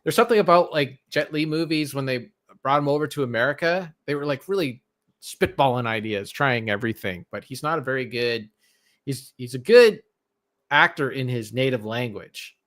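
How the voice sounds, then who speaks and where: A man co-hosting a podcast, talking casually about movies in a halting, rambling way with many restarts. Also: medium pitch, expressive, a bit bright. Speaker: podcast co-host.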